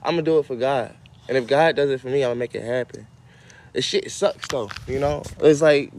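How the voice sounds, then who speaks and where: A man's voice: mid-range voice, normal speed. A man hosting a casual livestream, rambling and cursing as he talks straight to his viewers. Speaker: livestream host.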